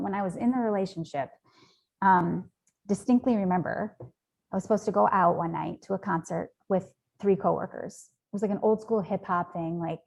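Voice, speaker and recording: A woman's voice: medium pitch, vocal fry, a little mellow. A woman speaking as an interview guest, earnest and rambling, with frequent ums and likes. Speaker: nonprofit founder, interview guest. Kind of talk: conversational interview.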